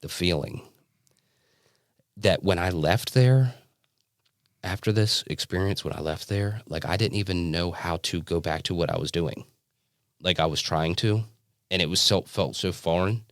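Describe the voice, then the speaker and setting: A man giving a personal testimony as a podcast guest, telling his story earnestly with halting restarts and fillers. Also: low voice, dry recording, clean studio sound. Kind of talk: personal testimony in a casual interview.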